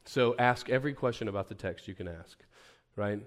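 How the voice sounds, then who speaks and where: Speaking a bit quickly in a lower register, a man leads preachers through a casual lesson in a camp meeting room. He keeps it conversational, makes jokes at his own expense, and restarts his sentences often.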